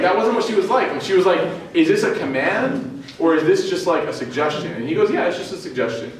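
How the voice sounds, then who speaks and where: A man's voice: fairly high pitch, big pitch swings, moderate pace. A man from Chicago teaching Islamic studies to college students in a casual storytelling way, acting out the dialogue of the people in his story and joking with the audience. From Chicago, United States. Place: lecture room with a student audience. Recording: very echoey room, mic at a distance.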